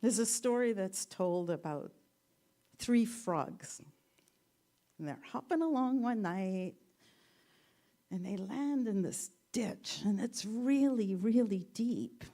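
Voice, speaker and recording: A woman minister giving a sermon, telling stories gently with playful asides. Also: mid-range voice, expressive, slow pace, pauses often. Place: church sanctuary.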